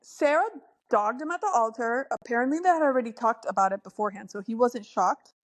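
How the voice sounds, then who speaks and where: A woman's voice: fairly high pitch, a little fast. Opinionated woman co-hosting a chat. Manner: opinionated, emphatic, laughs often. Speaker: podcast co-host. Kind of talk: casual chat about reality TV.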